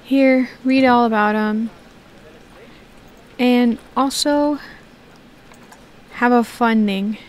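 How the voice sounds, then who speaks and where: A young woman who makes gaming videos chats and jokes to herself as she plays. Her voice sits a little high and stays steady, and she speaks very slowly with frequent pauses.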